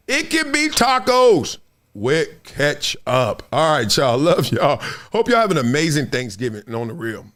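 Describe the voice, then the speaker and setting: A man's voice: a little high, a bit bright. A male show host chatting casually on a livestream, telling stories with lots of laughter and acting out other people's lines.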